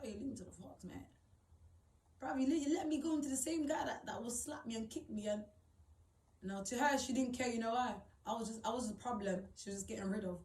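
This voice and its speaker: A woman's voice: mid-range voice, darkish tone, reverberant, recorded from a distance, rough recording. A young woman telling a personal story to camera, blunt and swearing, rising to indignant outbursts. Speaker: vlogger.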